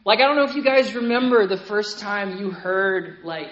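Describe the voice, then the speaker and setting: Animated pastor preaching, full of "right?". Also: male voice, high-pitched, normal speed, highs cut off. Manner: animated, repeats words while building a point; checks in with listeners by asking "right?". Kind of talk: sermon.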